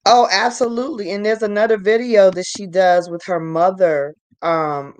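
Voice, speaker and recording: A woman co-hosting a commentary, chatting emphatically at a middle pitch. Her voice is recorded dry and close, with no room sound. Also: fairly even intonation, normal speed, a little mellow, no room sound. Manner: emphatic, conversational. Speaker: commentary video co-host. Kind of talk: opinionated commentary.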